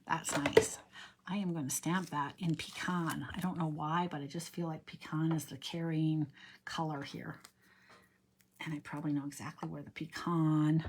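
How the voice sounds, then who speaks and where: A woman runs a card-making livestream, chatting casually and rambling as she stamps and colours, humming and singing to herself while she works. Her voice is low-pitched with little pitch movement, her speed is normal, and there's noise in the background.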